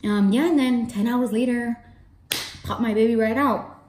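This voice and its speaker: A woman's voice: moderate pace, darkish tone. Chatty young woman vlogging in an echoey room. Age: early 20s. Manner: chatty, swears freely, acts out her own past lines with rising pitch. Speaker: beauty vlogger. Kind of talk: casual storytelling to camera. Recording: roomy echo.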